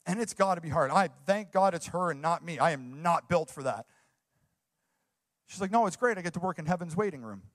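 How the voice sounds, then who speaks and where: A man's voice: on the high side, lively intonation, a little fast, a bit bright. A young man preaching a sermon as a youth pastor, earnest and enthusiastic, repeating phrases for emphasis.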